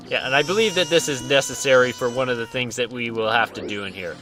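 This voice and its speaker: A man's voice: medium pitch, fast, hardly any pauses, bright, forceful tone, soft background music. A man hosting a casual let's-play, joking around and talking to the characters on screen. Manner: goofy, jokey, talks to the characters on screen. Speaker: gaming channel host.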